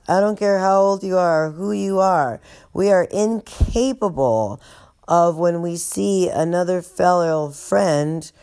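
Low-voiced woman telling a raunchy story. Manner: animated, profane, laughs often. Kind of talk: casual storytelling vlog.

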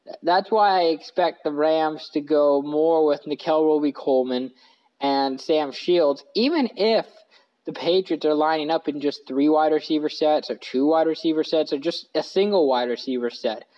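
A man's voice: fairly high pitch, moderate pace. Rambling man on a lo-fi podcast. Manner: rambling, self-correcting, with many fillers. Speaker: podcast host. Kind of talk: casual sports podcast talk. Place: living room couch.

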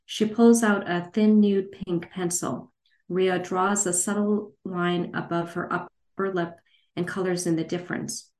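A woman's voice: fairly low pitch, steady tone, unhurried, a little mellow. A woman author reading her novel aloud and then answering questions hesitantly over a video call. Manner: hesitant, many fillers and restarts. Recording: roomy echo.

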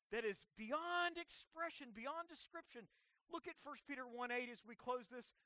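A man preaching a sermon as pastor, leading the congregation in a responsive reading and closing in prayer, swinging between loud emphasis and soft hushed passages. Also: extremely high pitch, dry recording.

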